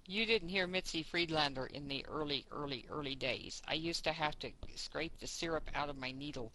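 A woman's voice: deep voice, moderate pace, pushed and bright, a little hiss or hum, poor audio. A woman in a casual group chat, talking in a chatty, rambling way with fillers as she reminisces. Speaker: book discussion group member.

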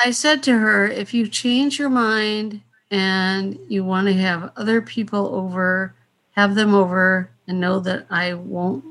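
A woman's voice: medium pitch, steady tone, unhurried, a bit bright. An older woman leading a casual group call, talking in a hesitant way with many restarts.

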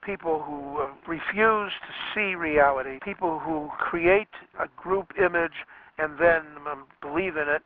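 A man's voice: a little high, a little hiss or hum. A man giving a radio lecture on literature, explaining thoughtfully and with emphasis. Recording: dry, tinny phone-like radio sound.

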